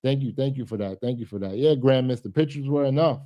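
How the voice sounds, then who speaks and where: A man's voice: medium pitch, fast talker, no room sound, clean studio sound. Emotional man reacting on a live stream. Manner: emotional, repeats words, swings from hushed to loud. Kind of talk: casual live reaction commentary.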